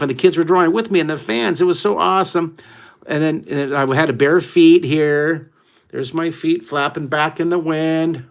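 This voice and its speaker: A middle-aged American man leading a live online drawing lesson for kids, telling stories with excited whoops. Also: fairly high pitch. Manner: exuberant, exclamatory storyteller who whoops often. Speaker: art teacher hosting a live drawing class.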